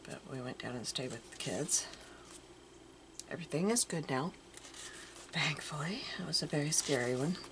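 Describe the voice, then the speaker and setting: An older woman chatting casually at home as she shows off her craft finds, musing aloud and sometimes dropping into soft murmurs. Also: deep voice, moderate pace, pauses often. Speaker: crafting vlogger. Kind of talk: casual show-and-tell chat. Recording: audible background noise.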